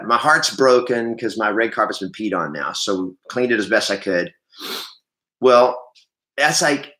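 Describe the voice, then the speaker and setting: A man's voice: mid-range voice, bright, forceful tone, roomy sound. A man hosting a casual morning live stream from his home training room, rambling and correcting himself as he greets viewers by name. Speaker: livestream host and real estate trainer.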